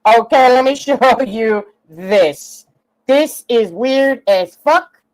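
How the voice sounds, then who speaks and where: A woman's voice: on the high side, lively intonation, takes it slowly, darkish tone, rough recording. A young woman ranting on her livestream, brash and profane, laughing and mocking as she goes. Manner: brash, swearing, laughing, sarcastic. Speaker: livestream host.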